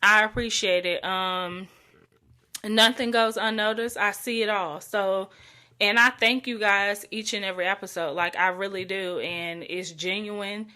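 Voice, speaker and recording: A young adult woman from North Carolina hosts her own podcast in a solo monologue, chatty and heartfelt, with lots of likes and ums. Her medium-pitched voice is steady, unhurried, pushed and bright.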